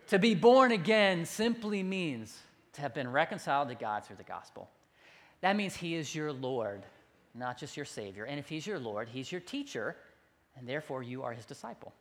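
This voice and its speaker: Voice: mid-range voice, in a large hall. A pastor preaching a sermon in a conversational, self-deprecating storytelling manner.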